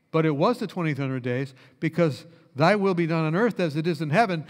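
Male pastor, high voice, animated sermon storytelling, long church reverb. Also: a little fast, hardly any pauses. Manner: animated storyteller, drops low and quiet for quoted dialogue. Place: church hall.

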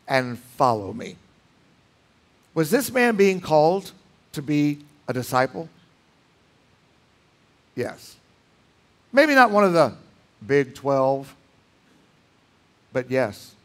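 Pastor guy preaching, high voice, swings loud to hushed for effect. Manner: emphatic, dramatic swings between loud and hushed. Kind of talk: sermon. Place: church sanctuary.

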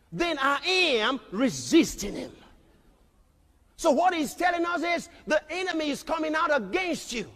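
A man preaching a sermon as a pastor, emphatic, often shouting and questioning his crowd. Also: extremely high pitch. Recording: long reverb of a large hall.

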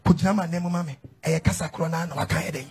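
A man preaching emphatically in a sing-song cadence, often shouting as a reader answers him. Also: a little high, steady tone, very fast. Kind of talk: preaching with call-and-response.

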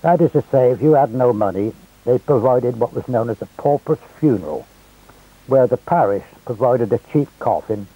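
A man's voice: medium pitch, lively intonation, normal speed, husky, phone-quality sound. An elderly man from England narrating local history as wry, chatty anecdotes. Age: older. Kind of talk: storytelling reminiscence.

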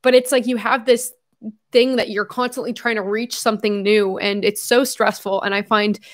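A woman's voice: mid-range voice, fairly even intonation, normal speed. A young woman hosting her own livestream, chatting casually and rambling with frequent fillers and laughs.

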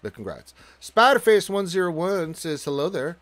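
A man's voice: sits high, big pitch swings, moderate pace, a bit bright, dry recording. Joking man hosting a gaming livestream. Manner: loose and joking, greets viewers by name, many fillers. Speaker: livestream host. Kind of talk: casual livestream chat, reading chat aloud.

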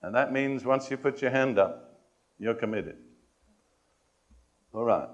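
A man preaching a sermon to a congregation. He speaks in a measured, emphatic way, puts questions and challenges to his listeners, and adds touches of dry humor. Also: medium pitch, animated, gravelly, muffled recording. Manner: addresses and challenges the congregation directly.

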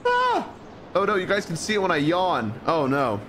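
Rambling excitable young male streamer. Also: fairly high pitch, fairly quick, noisy background. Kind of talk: live gameplay commentary.

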